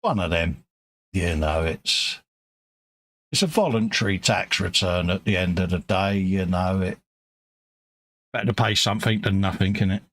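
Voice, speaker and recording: Low-voiced British man chatting while painting. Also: moderate pace, long pauses, fairly bright tone, no room sound. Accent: British English. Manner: chatty, mumbling asides to himself while working. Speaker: livestream host painting models. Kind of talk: casual chat while painting.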